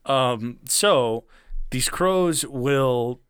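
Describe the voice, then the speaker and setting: A man's voice: mid-range voice, extremely slow, a bit bright, clean tone, no echo, clean studio sound. A man telling a rambling story in casual chat, chuckling now and then and swearing freely.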